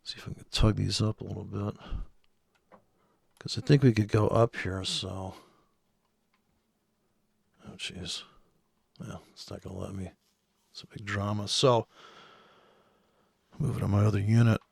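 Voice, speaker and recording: A man's voice: fairly low pitch, fairly even intonation, a little slow, gravelly, pauses often, husky, no room sound, studio quality. A man giving rambling, sarcastic, profane commentary on forex charts. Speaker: forex trader. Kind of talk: casual screen-share trading commentary.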